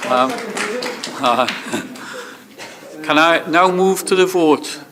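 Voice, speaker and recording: Slow-spoken man chairing a busy council meeting. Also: a little high, animated, noisy background. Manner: brisk procedural announcements.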